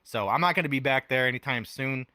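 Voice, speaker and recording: A young man, a musician and podcast guest, chatting casually and telling animated stories, voicing other people in quotes. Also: quick pace, dry recording. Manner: animated storyteller, acts out quotes with big pitch jumps. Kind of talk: casual chat. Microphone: headphones on.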